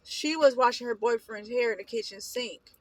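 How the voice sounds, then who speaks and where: Speaking to the camera at a normal pace, a young woman from Oakland, California, vlogs her own story casually and emotionally, drifting into asides. Her voice is fairly high, and the recording is rough with no room sound.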